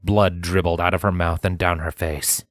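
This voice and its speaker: A man reading a fan story aloud in dramatic, expressive audiobook narration. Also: deep voice, normal speed, no echo, studio quality. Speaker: fanfiction reader.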